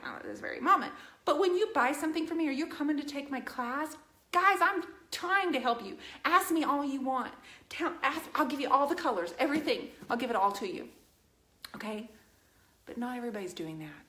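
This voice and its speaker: A woman's voice: mid-range voice, moderate pace, bright, forceful tone, slight background noise. A woman hosting a live painting stream, talking earnestly and emphatically straight to her viewers. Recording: roomy echo.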